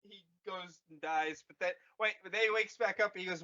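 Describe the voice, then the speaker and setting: A man co-hosting a podcast, recapping a movie comedically and acting out characters in quick bursts. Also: fairly high pitch, sharp tone, dull audio. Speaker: podcast co-host.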